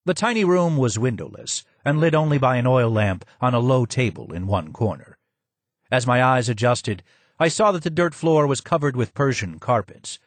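Male audiobook narrator, steady mid voice, dry close studio sound. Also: medium pitch, dry recording. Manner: measured, even reading. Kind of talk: scripted narration.

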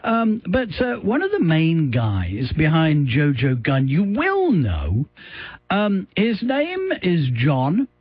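A man's voice: on the high side, huge pitch swings, slow, breathy edge, no room sound, dull audio. A man hosting a radio show in a rambling, self-mocking way, stumbling over his own words. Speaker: radio host. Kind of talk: casual radio chat.

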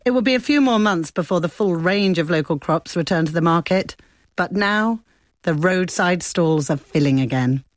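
A woman correspondent reading a scripted radio report in a measured, descriptive way. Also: fairly low pitch, lively intonation, no echo. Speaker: foreign correspondent.

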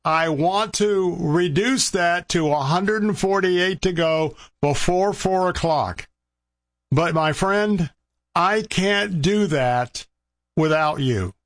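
An older man hosting a radio show, earnestly pleading with listeners for donations and slowly repeating the number to call. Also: high voice, no echo, studio quality. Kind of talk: radio fundraising appeal.

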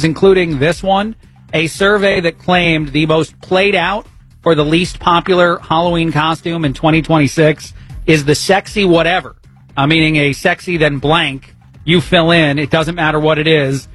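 A man's voice: a little high, steady tone, normal speed, fairly bright tone, faint music behind. A man filling in as a radio talk host, rambling casually and poking fun at himself. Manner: chatty, rambling, self-mocking, laughs at his own jokes. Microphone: studio broadcast microphone.

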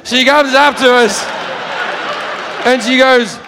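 A man's voice: extremely high pitch, takes it slowly. Brash, profane Australian man on stage. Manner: profane, brash, animated storytelling. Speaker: stand-up comedian. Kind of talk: stand-up storytelling. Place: live venue with audience. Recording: echoey hall with crowd noise.

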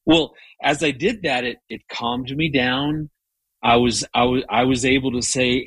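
A man in his fifties speaks earnestly as an interview guest, his voice slightly husky. He stumbles and restarts his sentences as he tells a personal story. His pitch sits in a middle range, and the recording is dry, with no room sound. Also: steady tone, measured pace, fairly bright tone, no echo, rough recording. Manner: earnest, frequent stammered restarts. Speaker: guest, marriage author. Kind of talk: conversational storytelling.

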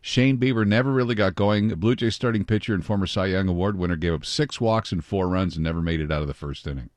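Male radio host, very low voice, dry close-miked studio sound, chatty and rambling. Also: fast, no room sound. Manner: chatty, rambling, reads weather and news aloud. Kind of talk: casual morning radio chat.

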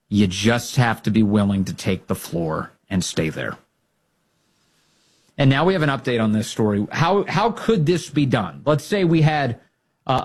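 Husky-voiced man hosting political commentary. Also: mid-range voice, darkish tone. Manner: emphatic, rallying, repeats phrases for punch. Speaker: political talk show host. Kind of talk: opinionated commentary.

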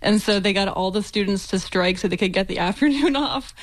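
A woman speaking as a guest in a radio interview, emotional, soft-spoken and laughing between her words. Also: medium pitch, brisk. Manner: soft, laughs while talking. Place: Halifax.

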